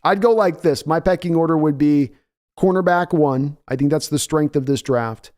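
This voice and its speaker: A man hosting a casual sports livestream, chatting in a joking, animated way and thanking viewers by name. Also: on the high side, moderate pace. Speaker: sports show host.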